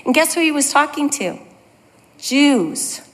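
A woman's voice: high-pitched, expressive, measured pace. A woman teaching a Bible study in a conversational, self-deprecating storytelling manner. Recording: long hall reverb.

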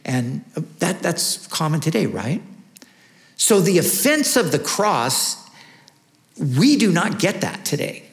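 A male pastor delivers an earnest teaching sermon. He asks his listeners rhetorical questions. His voice sits slightly high and rings with room echo. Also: sing-song, slow, gravelly. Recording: echoey room.

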